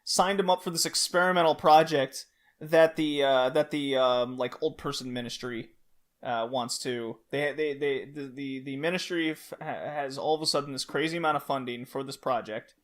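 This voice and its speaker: A man's voice: medium pitch, moderate pace. A man on a podcast, casually recapping an anime plot, laughing often and restarting his sentences. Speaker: podcast host. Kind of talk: casual chat.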